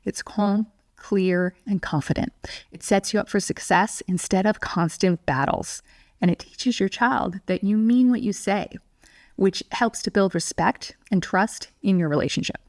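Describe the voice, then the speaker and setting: A woman parenting educator giving a calm, clear, scripted lesson to parents. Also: medium pitch, unhurried, no room sound, clean studio sound. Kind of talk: scripted teaching monologue.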